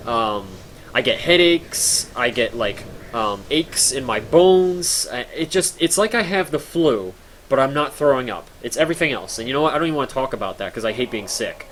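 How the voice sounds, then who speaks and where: A man's voice: mid-range voice, slight background noise, rough recording. A man streaming live, chatting casually to his viewers, a little tired, rambling through stories with lots of fillers and restarts and chuckling often.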